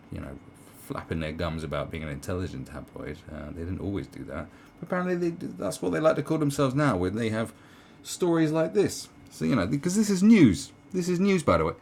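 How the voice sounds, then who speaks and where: A middle-aged British man delivers a sarcastic, rambling video commentary, swearing and restarting often. His voice is deep, with slight background noise in the recording.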